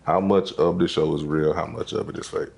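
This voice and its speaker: A man co-hosting a casual interview, who asks questions and affirms the guest quickly. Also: a bass voice, fairly even intonation, gravelly, darkish tone. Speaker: podcast co-host.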